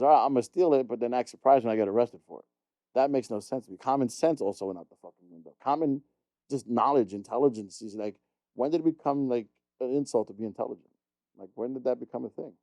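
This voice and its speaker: Middle-aged male podcast host, quick blunt rant, warm dark tone, dry close sound. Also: medium pitch, no echo. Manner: blunt, exasperated ranting with frequent swearing. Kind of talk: casual chat.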